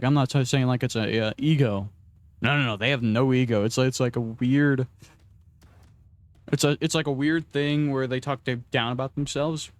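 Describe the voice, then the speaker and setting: A man's voice: medium pitch, no room sound. A young man casually rambling and swearing while playing a game, self-deprecating and often restarting his sentences. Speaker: gaming vlogger.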